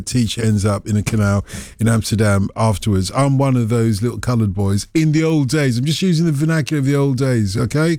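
A man's voice: mid-range voice, dark tone, no room sound, clean studio sound. A man hosting a radio phone-in show, playful and teasing with his guests in casual chat.

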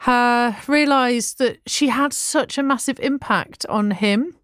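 A woman's voice: fairly high pitch, slow pace, no room sound. A woman presenting a radio show in a chatty way, reading out listener messages at a studio microphone. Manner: chatty and warm-hearted, reads out listener messages.

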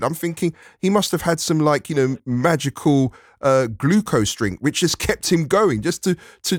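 A man's voice: on the high side, no room sound, studio quality. A male radio presenter chatting with a caller on a phone-in show, talking in a friendly way with plenty of fillers. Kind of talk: phone-in chat. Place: radio studio.

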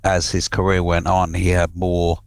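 A man's voice: deep voice, monotone, normal speed, clear, resonant tone, no room sound. A man co-hosting a radio chat show, opinionated, often stopping and restarting his sentences. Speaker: radio co-host.

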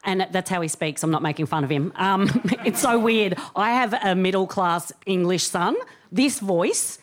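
An Australian woman on a comedy panel, telling anecdotes in a lively way and laughing through them. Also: on the low side, normal speed. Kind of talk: comic storytelling.

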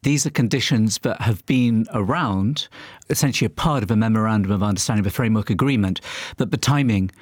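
A man reporting as a radio news correspondent, explaining in a measured way. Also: lowish voice, no echo, studio quality.

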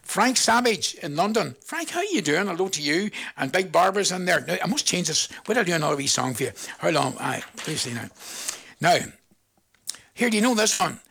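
A Northern Irish man hosting a radio show, his voice sitting high with a bright, sharp edge. He rattles through listener greetings in a loose, chatty patter, with some gravelly fry on his words. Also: sing-song, fairly quick. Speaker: radio presenter. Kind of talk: live radio chat with listener shout-outs.

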